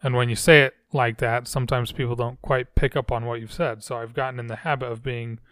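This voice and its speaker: A man talks through personal stories on his podcast in a rambling, self-reflective way, often circling back to restart a thought. His voice is smooth and resonant. It sounds dry and close on the microphone. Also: mid-range voice, little pitch movement, a little fast, fairly bright tone, no room sound. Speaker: podcast host. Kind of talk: casual storytelling monologue.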